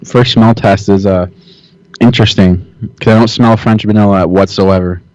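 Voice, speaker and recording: A man's voice: fairly low pitch, steady tone, moderate pace, a little mellow, lo-fi sound. A man co-hosting a podcast, teasing and playful in casual chat. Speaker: podcast co-host.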